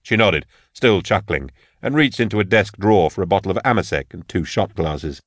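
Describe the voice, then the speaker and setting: A man narrating an audiobook in a measured, steady way. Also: sits low, no room sound, studio quality. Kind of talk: scripted narration.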